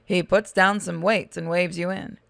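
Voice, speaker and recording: Smooth-voiced woman narrating a text game. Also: lowish voice, fairly even intonation, moderate pace, a bit bright, dry recording. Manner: casual, reading game text aloud. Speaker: let's-play host.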